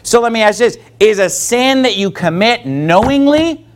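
A man's voice: very high voice, lively intonation, normal speed. A man preaching a sermon as pastor, quoting scripture and asking the congregation questions. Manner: preaching with call-and-response from the congregation.

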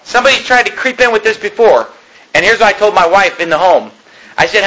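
A man preaching a sermon as pastor, emphatic and fervent, rising to shouts at points. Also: high voice, animated, quick pace, rough recording.

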